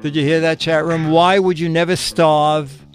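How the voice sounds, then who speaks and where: A man's voice: on the high side, level tone, moderate pace, soft background music. A man hosting a casual streamed show, reading viewer answers aloud, fumbling through his papers and chuckling at the jokes. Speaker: show host.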